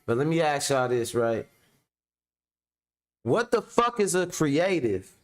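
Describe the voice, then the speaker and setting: A man's voice: a little high, big pitch swings, takes it slowly. A man hosting casual reaction commentary, blunt and profane, firing rhetorical questions and talking straight to his viewers. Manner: addresses viewers directly. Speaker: commentary host.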